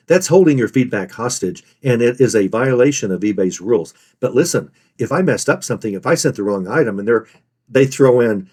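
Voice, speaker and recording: A man's voice: medium pitch, a little mellow, slightly rough. Earnest man repeating his key points. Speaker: online reseller teaching sellers. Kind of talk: instructional talk.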